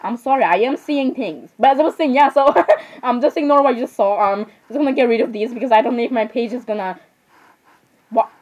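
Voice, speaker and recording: Here a woman delivers casual gameplay commentary, talking fast in a slightly high, slightly mellow voice. She rambles, apologizes over and over, and lets out giggly asides. The recording quality is low.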